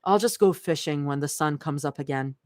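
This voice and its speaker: A woman reading fan fiction aloud, voicing a snappish, sardonic young woman in a low, clipped, sulky tone. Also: brisk, a little mellow, no room sound, clean studio sound, natural voice.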